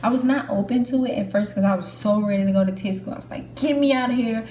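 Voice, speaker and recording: A woman's voice: medium pitch, fairly even intonation, fast, mellow. A young woman vlogging in a casual, candid chat to camera, with lots of fillers. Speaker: Air Force trainee vlogger. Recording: echoey room with faint background hum.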